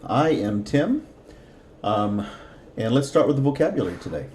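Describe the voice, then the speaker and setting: A man's voice: mid-range voice, sing-song, moderate pace, darkish tone, roomy sound, slight background noise. A man teaching a language lesson, patiently repeating each word for practice. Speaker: Spanish teacher.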